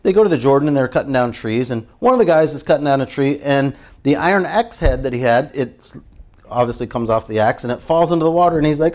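A man preaching a casual, animated sermon, chatty and laughing often as he acts out little prayers. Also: medium pitch, quick pace. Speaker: pastor.

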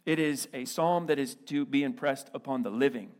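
A man pastor preaching a sermon with a Midwestern American accent, swinging from quiet stretches to loud emphatic lines. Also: medium pitch, moderate pace.

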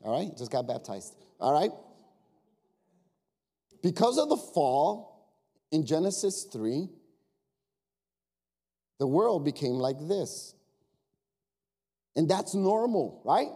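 A male pastor giving a lively, animated sermon, speaking directly to his congregation with jokes and quiet asides. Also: a little high, slow pace, pauses often, breathy edge.

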